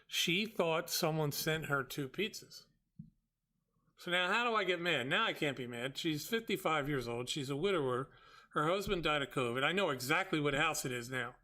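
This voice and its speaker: A man hosting a trading show, retelling a story with quoted dialogue in an exasperated, quick way. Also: on the high side, pushed and bright. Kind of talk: animated storytelling.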